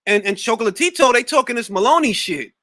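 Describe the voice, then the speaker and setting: A man with a very high, sharp voice hosts a boxing talk stream, speaking quickly and expressively in a dry, clean studio recording. His casual livestream chat is profane and hops between topics.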